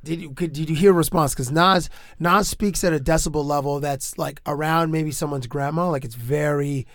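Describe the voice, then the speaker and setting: A man hosting a podcast in a casual chat, his voice hoarse after losing it, talking in an animated, playful way. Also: fairly high pitch, moderate pace, no room sound, clean studio sound. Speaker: podcast host.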